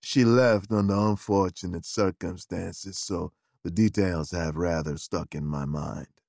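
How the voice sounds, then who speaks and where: A man reading a story, voicing a formal, deferential manservant in a low, measured tone. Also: creaky, dry recording. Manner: measured, polite, low and even.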